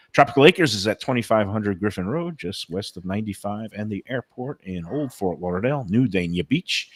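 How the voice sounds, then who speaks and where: A man's voice: low voice, dry recording. A man hosting a food radio show, chatting enthusiastically about restaurants and giving dining tips. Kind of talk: casual food talk and read ads.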